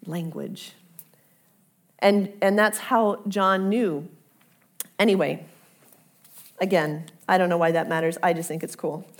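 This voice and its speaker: A woman pastor with a lowish voice preaches a sermon in an earnest, conversational way. When she repeats the invitation, she softens nearly to a whisper.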